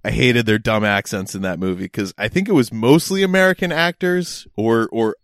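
A man's voice: fairly low pitch, moderate pace, dry recording, clean studio sound. A man in casual podcast chat, rambling and swearing, with many restarts.

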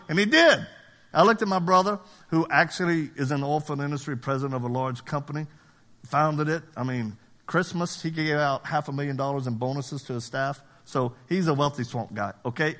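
Animated middle-aged preacher from Louisiana. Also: male voice, brisk. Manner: animated, acts out dialogue, pitch jumps high for emphasis. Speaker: pastor. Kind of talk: live sermon storytelling.

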